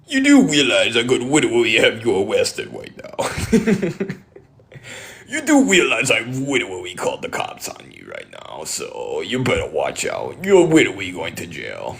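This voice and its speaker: A man's voice: on the low side, huge pitch swings, normal speed, vocal fry, fairly bright tone, full character voice. A man voicing a smug online commenter who taunts and threatens in a mocking tone. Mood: taunting.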